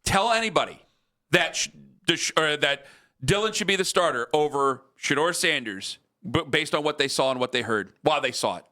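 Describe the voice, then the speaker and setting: Bright-voiced heated sports radio man. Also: on the high side, animated, normal speed. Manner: heated, repetitive ranting.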